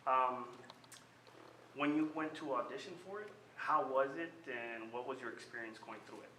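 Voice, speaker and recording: Hesitant man asking in a bright, echoey hall. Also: medium pitch, moderate pace. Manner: hesitant, many fillers. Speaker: fan asking a question. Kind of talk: audience question at a panel. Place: large convention hall. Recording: echoey hall with faint noise.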